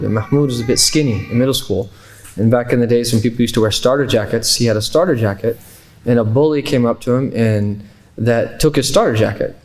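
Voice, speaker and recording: A man's voice: mid-range voice, a little mellow. Conversational male Islamic lecturer. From Kansas City, Missouri. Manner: conversational, loose with restarts and fillers. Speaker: Islamic teacher. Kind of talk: classroom lecture with anecdotes.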